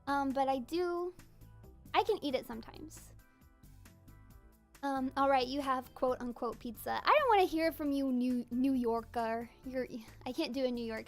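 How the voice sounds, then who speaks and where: A woman's voice: sits high, expressive, moderate pace, faint music behind. A young woman streamer chatting casually while drawing, giggly and full of fillers. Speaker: streamer and virtual idol voice actor.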